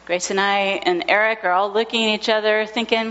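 A woman in her thirties, a pastor giving a sermon, telling a family story with gentle humor. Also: mid-range voice, fairly even intonation, a little fast, few pauses. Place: church sanctuary. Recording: lo-fi recording in a large reverberant church.

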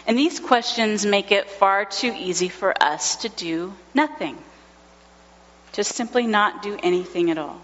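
A woman in her thirties, a pastor giving a sermon, telling a family story with gentle humor. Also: mid-range voice, animated, moderate pace. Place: church sanctuary. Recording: lo-fi recording in a large reverberant church.

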